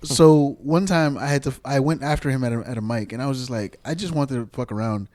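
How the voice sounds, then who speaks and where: A man's voice: mid-range voice, brisk, darkish tone. A male podcast co-host, talking loosely with many fillers and restarts. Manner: rambling, lots of "like" and restarts. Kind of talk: casual podcast chat.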